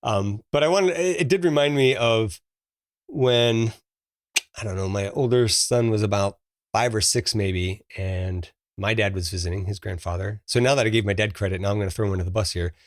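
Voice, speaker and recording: A man's voice: lowish voice, normal speed, no echo, clean studio sound. A man in his forties co-hosting a podcast, chatting casually about a movie in a storytelling way with plenty of fillers and laughs. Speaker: podcast co-host. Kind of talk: casual movie review chat.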